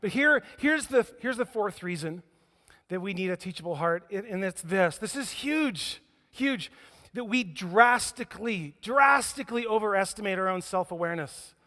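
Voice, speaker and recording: A man's voice: high-pitched, lively intonation, normal speed, bright, forceful tone. A man preaching a sermon as pastor, telling stories with humor and acting out the scenes. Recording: echoey church hall.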